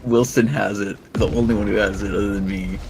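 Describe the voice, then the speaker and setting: A man's voice: lowish voice, fairly even intonation, a little fast, gravelly, a crowd in the background. A man in his late twenties, a streamer chatting casually, rambling and swearing as he talks. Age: late 20s. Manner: rambling, profane, laughing. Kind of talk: casual chat. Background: music.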